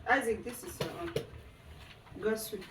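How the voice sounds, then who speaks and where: Nigerian woman, playful, laughs a lot, slightly high voice, roomy noisy home recording. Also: lively intonation, moderate pace. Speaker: vlogger. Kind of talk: casual family chat. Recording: echoey room, far from mic, noisy.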